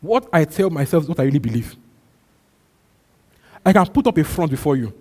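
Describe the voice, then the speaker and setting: A man's voice: on the high side, lively intonation, brisk, a little mellow. A male pastor preaching a sermon, emphatic and repetitive, calling out to his congregation. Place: church. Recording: long hall reverb.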